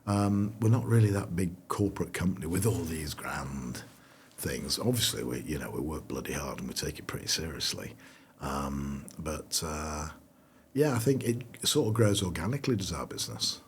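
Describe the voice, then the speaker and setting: A middle-aged company founder rambles through his story in a relaxed interview. His voice is very low, and he trips over restarts and fillers as he goes. A faint ambient hiss sits underneath. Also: normal speed. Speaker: founder of a clothing brand; guest. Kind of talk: casual interview chat.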